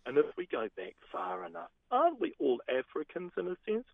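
A New Zealand radio broadcaster with a New Zealand accent, talking in a gushing, theatrical way full of exclamations. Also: male voice, high voice, huge pitch swings, fairly quick, vocal fry, dry recording, phone-quality sound. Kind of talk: comedic radio prank call.

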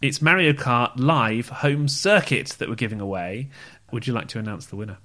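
A man's voice: medium pitch, normal speed, sharp tone, slight background noise. A man co-hosting a podcast in casual, wry chat. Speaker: podcast co-host.

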